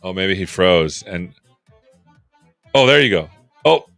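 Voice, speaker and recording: A man's voice: sits low, animated, slow, creaky, fairly bright tone, dry recording, faint music behind. A man hosting a tech show, chatting loosely and joking with many fillers. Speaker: show host. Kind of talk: casual live-stream chat.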